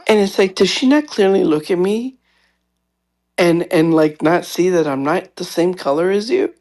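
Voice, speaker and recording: A woman's voice: fairly low pitch, normal speed. A woman co-hosting a podcast, chatting casually and telling stories, acting out other people's voices as she goes. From Latin American heritage. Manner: animated storyteller who acts out other people's voices. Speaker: podcast co-host. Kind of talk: casual chat.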